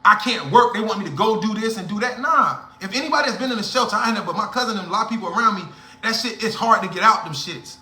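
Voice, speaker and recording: A man's voice: high voice, expressive, fast talker, bright, forceful tone, echoey room. A young man hosting a livestream, lecturing his viewers in a blunt, profane, heated rant. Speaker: livestream host.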